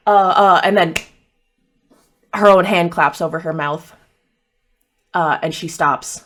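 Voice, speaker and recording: A woman's voice: lowish voice, measured pace, long pauses, fairly bright tone. A woman narrating a tabletop game as game master, casual with many fillers.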